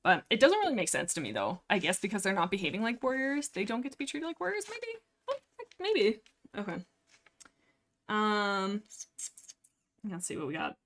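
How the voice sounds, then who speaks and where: A young woman with a Canadian accent, hosting a casual book discussion livestream and rambling excitedly with lots of fillers and restarts. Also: mid-range voice, normal speed, long pauses. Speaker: livestream host.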